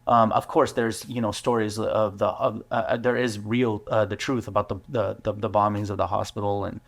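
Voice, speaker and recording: Deep-ish gravelly guy from the us, earnest, lots of uhs and restarts, interview guest. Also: flat delivery. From United States. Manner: halting, many fillers and restarts; earnest, emotional storytelling. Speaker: business owner guest. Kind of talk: candid interview talk.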